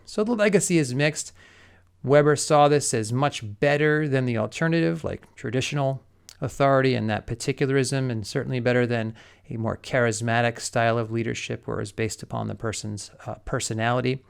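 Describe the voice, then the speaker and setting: Man, middle-aged, lecture style, gravelly, smooth resonant tone, methodical explanations. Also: medium pitch. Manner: methodical, counts through numbered points with examples.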